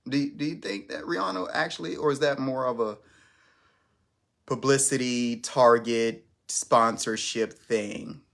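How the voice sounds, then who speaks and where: A man's voice: medium pitch, measured pace, vocal fry, a bit bright. A man hosting his first live stream, chatting casually in a rambling, self-conscious way with lots of restarts.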